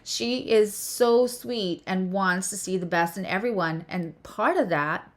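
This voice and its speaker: A woman astrologer and tarot reader hosting a casual spiritual chat, talking with animated emphasis and often restarting her phrases. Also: medium pitch, measured pace.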